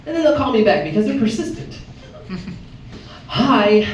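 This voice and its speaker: A woman's voice: very animated, unhurried, pauses often, dull audio, a little hiss or hum. Brash 50s woman from chicago doing standup, voice jumps all over, echoey club heard from far back. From Chicago, Illinois. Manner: brash, acts out voices with big pitch jumps. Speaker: stand-up comedian. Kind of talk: stand-up comedy set. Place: comedy club stage. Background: audience laughter.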